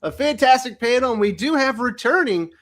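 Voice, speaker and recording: Teasing high-voiced male host. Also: expressive, a little fast, fairly bright tone. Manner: teasing, joking. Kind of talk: casual chat.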